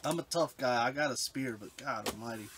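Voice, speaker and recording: Guy unboxing retro games, all choked up, keeps trailing off, average pitch, noisy clicky audio. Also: brisk. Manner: overwhelmed, choked up, trailing off mid-sentence. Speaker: retro game collector vlogger. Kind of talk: unboxing vlog. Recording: background hiss with clicks.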